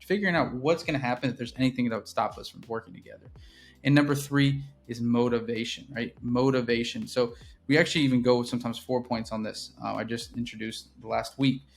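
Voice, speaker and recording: A real estate business owner walks through his sales process in a casual instructional style, checking in with "right?" again and again. His mid-range voice is steady and fairly quick, with some vocal fry.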